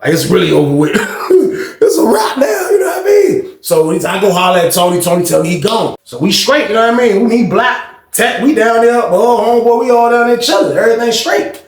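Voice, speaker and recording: A man telling a story in a casual way, acting out what others said with lively shifts. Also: high-pitched, fairly quick, roomy sound. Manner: animated retelling, acting out others' lines.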